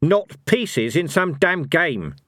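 A loud, gruff old barbarian, as a storyteller puts him on, the voice pushed up high and swinging wildly. He barks his lines with cocky aggression in a storybook reading. The audio is dry and close. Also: very animated, slow pace, no room sound, full character voice. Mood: furious. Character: fierce old barbarian man, loud and quarrelsome.

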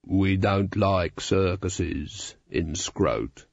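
Casting: slow, deep, menacing villager, put on by a man, storybook, muffled. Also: gravelly, dry recording, full character voice. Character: menacing slow-voiced rural male villagers.

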